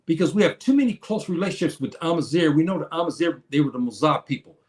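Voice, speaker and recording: A man's voice: on the high side, expressive, fast talker, a little mellow. A man hosting his own show, talking casually and earnestly to viewers, with many restarts, calling them brother and sister. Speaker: show host answering viewers. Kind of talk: casual livestream talk.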